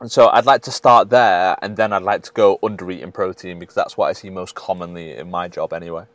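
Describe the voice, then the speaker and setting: Low-voiced British man chatting. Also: steady tone, fairly quick, no room sound. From United Kingdom. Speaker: podcast co-host, fitness coach. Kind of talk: casual chat.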